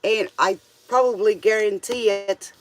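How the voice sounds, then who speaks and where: A man's voice: high voice, steady tone, measured pace, a bit bright, no echo, soft background music. A man doing a casual tarot reading, chatty and playful, with joking asides. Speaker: tarot reader.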